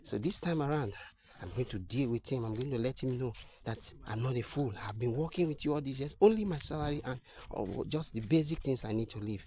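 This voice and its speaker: A man's voice: mid-range voice, a little fast, darkish tone, close to an everyday voice. A man voicing a resentful male builder who speaks in a bitter, aggrieved way, on a slightly muffled recording.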